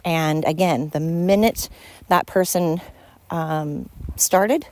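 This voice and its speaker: A woman's voice: low-pitched, slow, a little mellow. A woman hosting a podcast, talking at home in a frank, rambling monologue as she vents. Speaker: podcast host. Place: at home with her dog.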